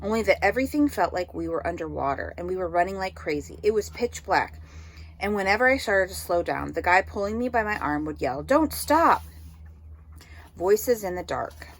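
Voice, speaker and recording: A woman reading an audiobook novel aloud in steady storytelling narration. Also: on the low side, a little fast. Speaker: audiobook reader.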